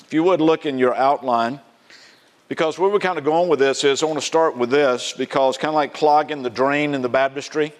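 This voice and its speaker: A man's voice: mid-range voice, fairly quick. A man preaching a sermon in a conversational way, often asking the congregation rhetorical fill-in questions. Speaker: pastor.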